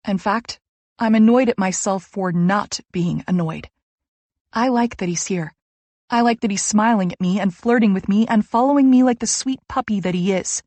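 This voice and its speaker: Lady reading a romance audiobook, wry and lively, mid voice, dry close sound. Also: medium pitch, dry recording. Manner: lively, wry first-person storytelling with character voices. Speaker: audiobook narrator. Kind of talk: first-person romance audiobook narration.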